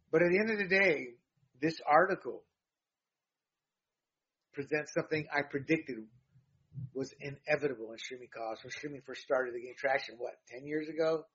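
A man's voice: mid-range voice, fairly bright tone, breathy edge, dull audio. A man hosting a news rundown show, delivering emphatic opinionated commentary that rambles with fillers and restarts.

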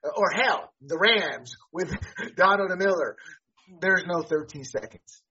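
A man co-hosting a casual sports podcast. He talks in an animated, emphatic way and often repeats words as he starts a sentence. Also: high-pitched, measured pace, highs cut off, slight background noise. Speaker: podcast co-host.

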